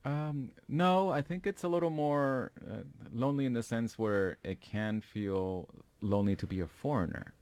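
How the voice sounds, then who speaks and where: A man's voice: mid-range voice, moderate pace, hardly any pauses, a little mellow, no echo. An American man talking as a guest in a casual chat, easygoing and loose, with lots of fillers. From United States. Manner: easygoing, many "you know" fillers.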